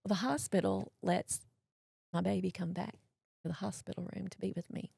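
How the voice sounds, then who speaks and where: A woman, telling a personal story as an interview guest, folksy and animated, acting out what others said. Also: medium pitch, normal speed, vocal fry, breathy edge, no echo, studio quality. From Mississippi, US.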